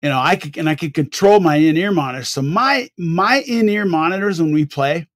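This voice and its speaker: An older man, a guest on a podcast, telling rambling, animated stories with many restarts. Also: a little high, a little fast. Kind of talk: casual interview storytelling.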